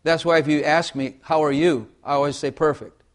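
Male preacher, light-pitched, folksy sermon delivery, calls for amens. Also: level tone, brisk. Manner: folksy, repeats phrases, asks the congregation for amens.

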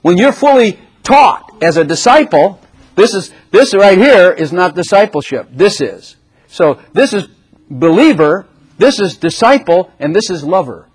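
An older man preaching a sermon to a congregation, animated and exhorting, often acting out prayers in his own voice. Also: sits high, unhurried, breathy edge.

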